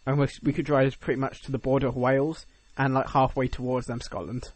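A man's voice: medium pitch, little pitch movement, fairly quick. A young man with an English accent chatting casually, joking and rambling with lots of fillers and restarts. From England. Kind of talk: casual chat.

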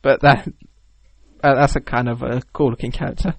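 A man's voice: mid-range voice, fairly even intonation, moderate pace, dry recording, poor audio. A young man co-hosting a podcast, rambling with many fillers and laughing easily. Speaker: podcast co-host. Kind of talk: casual chat.

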